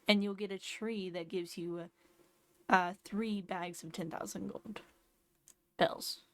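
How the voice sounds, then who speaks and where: A tired, sleepy woman streamer with a medium-pitched voice chats casually while playing a game, thinking aloud and explaining tips. The recording is dry.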